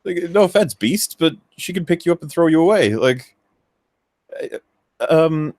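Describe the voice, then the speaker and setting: A man's voice: a little high, expressive, moderate pace, a little mellow, no room sound. A young man, guest on a casual podcast, ranting animatedly and acting out his own reactions. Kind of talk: casual chat.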